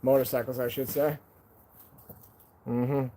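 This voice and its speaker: A man's voice: mid-range voice, little pitch movement, a little slow, dark tone. A man hosting a casual live stream from home. He talks to viewers in a laid-back, slangy way, calling them "man" and "dude".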